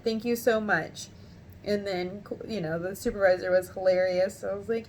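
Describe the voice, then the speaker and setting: A woman in her thirties telling a story to camera in a chatty, animated way from her home office, laughing often. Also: mid-range voice, normal speed, slight background noise. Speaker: vlogger.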